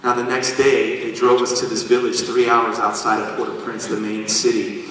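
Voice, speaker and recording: A singer on stage telling the audience a personal story, animated and self-deprecating. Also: male voice, medium pitch, moderate pace, a little hiss or hum. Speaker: singer addressing a concert audience. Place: large concert venue. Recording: echoey live hall, taken from far off.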